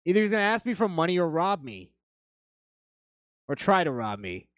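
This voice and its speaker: Male podcast host, slightly raised pitch, casual and profane, dry close mic. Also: very animated, a little fast, no echo. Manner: blunt, swears freely, rambling anecdotes. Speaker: podcast host reading chat.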